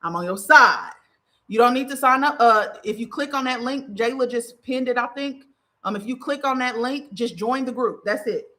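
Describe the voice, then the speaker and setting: A woman hosts a casual spiritual livestream. Her voice is bright and sharp, and she speaks emphatically, repeats her points and checks in with her listeners again and again. She is blunt and swears freely as she addresses them directly. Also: sits high, moderate pace. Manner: emphatic and repetitive, often asking "okay?"; profane and blunt. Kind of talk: casual livestream talk to followers.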